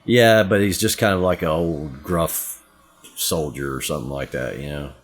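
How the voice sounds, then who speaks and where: This podcast co-host is a middle-aged man with a Southern US accent and a rumbling low voice, speaking at a moderate pace. His casual storytelling rambles along with plenty of lively asides.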